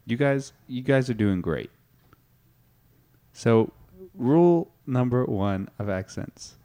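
A man playing a mock improv teacher in a comedy sketch, talking in a deadpan, instructive way. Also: medium pitch, slow.

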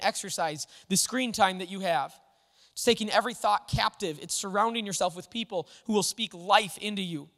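A pastor preaches an earnest, conversational sermon, often restarting his sentences, with long hall reverb on the recording. His voice sits high, bright and forceful.

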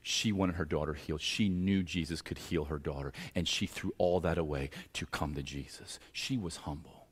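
A man's voice: a bass voice, fairly even intonation, moderate pace, hardly any pauses, husky. A man preaching a sermon as pastor, earnest and at times acting out pleading voices. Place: church sanctuary. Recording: church hall reverb.

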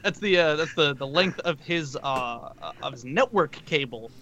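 A man co-hosting a gaming podcast, wry and self-mocking. His voice is bright and forward, with a fairly high, animated pitch. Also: normal speed, highs cut off. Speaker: podcast co-host. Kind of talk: casual chat.

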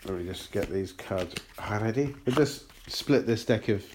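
A man's voice: on the low side, normal speed, darkish tone, a little hiss or hum. Giggly man in casual podcast chat. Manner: laughs often, stumbles over repeated words. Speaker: podcast co-host.

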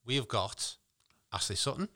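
A man's voice: mid-range voice, animated, moderate pace, sharp tone. A man with a jokey, enthusiastic manner, chatting casually as a co-host and laughing often. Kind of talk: casual chat.

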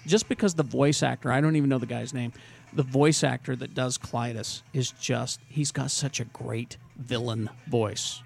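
A man's voice: mid-range voice, fairly even intonation, normal speed, creaky, darkish tone. A man hosting a podcast in casual chat, enthusiastic and rambling. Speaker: podcast host.

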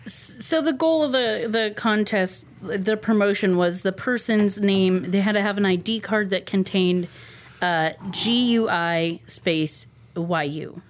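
A woman's voice: mid-range voice, slow pace, a little hiss or hum. A woman co-hosting a casual podcast, retelling a news story in a wry, laughing way. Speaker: podcast co-host.

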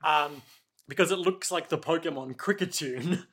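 A man co-hosting a casual recap chat, joking and throwing in quick asides. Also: fairly high pitch, fairly bright tone, husky. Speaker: podcast co-host.

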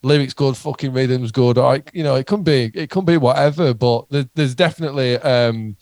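A songwriter, chatting casually and swearing freely. He pushes each point hard and spins it into a little story. His voice sits at a medium pitch and sounds close and dry, with no room around it. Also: normal speed, darkish tone, no room sound. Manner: heavy swearing, emphatic and storytelling. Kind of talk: casual podcast chat.

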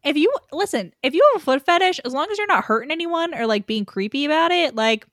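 A woman's voice: high-pitched, animated, quick pace, fairly bright tone, no room sound, clean studio sound. A young woman in casual podcast chat, frank and talkative, full of "like" fillers. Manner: chatty, frequent "like" fillers, frank and profane.

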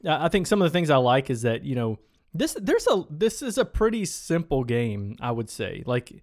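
Relaxed man, mid-range voice, podcast co-host, plain rule explainer. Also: mid-range voice, normal speed. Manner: relaxed, explains rules plainly, laughs easily. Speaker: board game podcast co-host. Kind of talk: casual chat. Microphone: studio microphone.

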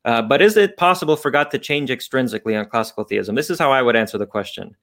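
A man's voice: medium pitch, lively intonation, quick pace, a bit bright. A man explaining philosophical ideas off the cuff as a guest, thinking aloud with frequent restarts and fillers.

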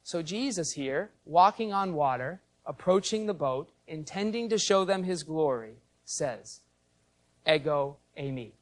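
Higher-voiced man preaching a teaching sermon. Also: expressive, unhurried, hardly any pauses. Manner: teacherly, explains the Greek and asks the congregation questions. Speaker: pastor. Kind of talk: expository sermon.

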